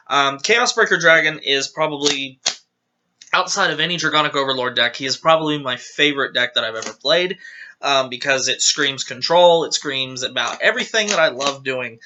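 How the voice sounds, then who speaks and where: A man with a very bright, edgy tone and a fairly high voice talks through a card game deck in a loose, casual way. He rambles and stops to correct himself mid-thought. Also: a little hiss or hum. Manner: rambling, self-correcting explanation. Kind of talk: casual deck profile talk.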